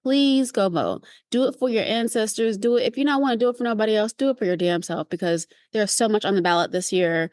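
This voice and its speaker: A woman co-hosting a casual podcast, talking in an animated, playful way. Her voice sits at a middling pitch and is recorded close and dry. She often jumps into high, teasing impressions. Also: fast, hardly any pauses, no echo. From California. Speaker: podcast co-host. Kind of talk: casual chat.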